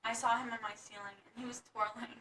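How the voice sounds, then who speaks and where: A woman's voice: fairly high pitch, flat delivery, a little fast, pushed and bright. Giggly young woman, distant mic. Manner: giggly, rambling storyteller. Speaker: podcast co-host. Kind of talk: casual chat. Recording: distant mic with faint background noise.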